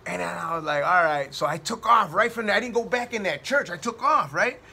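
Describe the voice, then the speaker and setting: Male comedian, bright high voice, animated slangy storyteller. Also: brisk, vocal fry, breathy edge. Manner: animated, slangy, full of "man" and "dude". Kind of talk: casual storytelling monologue.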